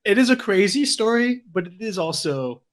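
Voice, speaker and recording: Calm, teasing male podcast co-host, fairly high voice, casual storyteller. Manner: calm, teasing, measured build-up.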